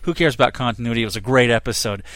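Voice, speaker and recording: A man's voice: mid-range voice, racing, a bit bright, dry recording. A middle-aged man co-hosting a casual review, talking enthusiastically and rambling with many fillers. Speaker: co-host reviewer.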